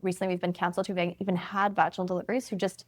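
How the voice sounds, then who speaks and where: Woman, thirties, physician guest; brisk, explanatory, easy laugh. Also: fairly low pitch, little pitch movement. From Canada. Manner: explanatory, fast, laughs easily. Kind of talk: interview conversation.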